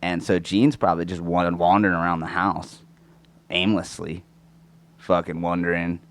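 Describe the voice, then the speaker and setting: Deep-voiced and level in tone, a male podcast co-host rambles crudely at a moderate pace, swearing a lot. His throat is sore, he coughs, and he sits close to the microphone in the casual chat.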